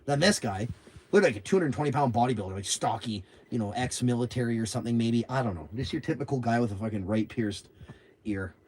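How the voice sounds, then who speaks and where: A young man, rambling through stories on a livestream and loudly acting out what people said, swearing freely. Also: mid-range voice, quick pace, slightly rough. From Canada. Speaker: livestream host. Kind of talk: casual livestream chat.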